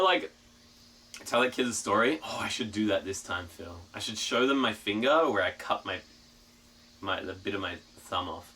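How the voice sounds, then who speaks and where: A man chatting casually to his live stream, telling a story in a profane, rambling, animated way. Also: medium pitch, recorded from a distance, a little hiss or hum. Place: outdoors in the mountains.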